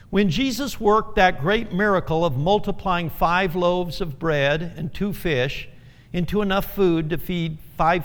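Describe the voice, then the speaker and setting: A high-voiced man preaches in an unhurried, earnest way, circling back to repeat his key phrases and letting small chuckles slip in. His voice rings out with a long reverb around a church sanctuary. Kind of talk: sermon.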